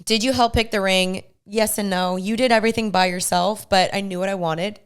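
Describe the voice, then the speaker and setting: A woman's voice: mid-range voice, steady tone, fairly quick, clean tone. A young woman hosting a podcast, telling a story in casual chat with quoted voices. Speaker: podcast host.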